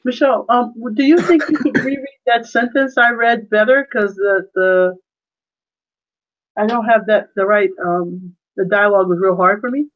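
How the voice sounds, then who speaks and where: Woman, video call, mid pitch, reflective, muffled lo-fi audio. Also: moderate pace. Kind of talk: casual video-call discussion.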